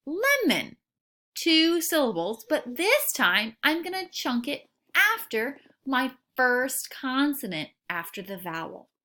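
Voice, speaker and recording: A woman teacher giving a recorded phonics lesson to young students, slowly sounding out words and syllables. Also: sits high, pushed and bright.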